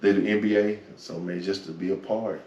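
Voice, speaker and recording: Deep-voiced man telling his faith story. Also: fairly even intonation, moderate pace, darkish tone, highs cut off. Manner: reflective storyteller, peppers talk with "man" and "you know". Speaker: interview guest. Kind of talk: personal faith testimony interview. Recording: echoey room, from far off, faint noise.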